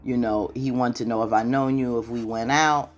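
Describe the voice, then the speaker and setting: A woman talks through a TV episode like she is gossiping with a friend, slangy and loose, peppered with "you know." Her storytelling stays lively, and she keeps sliding into little voices for the characters. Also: rumbling low, normal speed. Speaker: TV recap vlogger. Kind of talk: casual episode recap.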